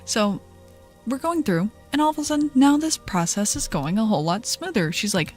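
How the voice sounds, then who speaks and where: A young adult woman streamer telling a story in casual chat, animated and profane, often laughing. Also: on the high side, moderate pace, soft background music.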